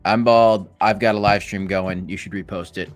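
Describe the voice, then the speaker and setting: A man's voice: deep voice, fairly even intonation, normal speed, faint music behind. A man hosting a casual live stream of market commentary, chatty with playful asides and bursts of hype. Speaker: crypto live stream host.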